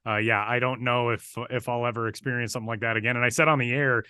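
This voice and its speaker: Man, podcast co-host, animated storytelling, bright forceful tone, dry close sound. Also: medium pitch, fast, clear, resonant tone, no room sound. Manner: animated, building excitement while recounting.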